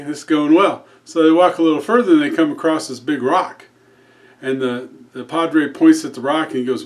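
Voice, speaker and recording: A man telling a joke in a casual, rambling way, full of fillers and restarts. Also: fairly high pitch. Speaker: comedy channel host.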